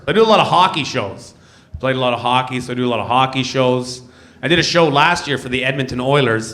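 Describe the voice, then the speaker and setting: A man from Canada performing a stand-up comedy set on stage before a live audience, telling stories and breaking into loud shouted bits. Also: mid-range voice. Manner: animated, jumps into loud shouted character bits.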